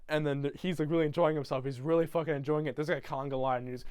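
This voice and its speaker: A man's voice: a little high, fairly even intonation, rapid-fire, hardly any pauses, a little mellow, clean tone, no echo. A young man casually retelling a film from memory, rambling with many fillers and swearing. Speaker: YouTuber.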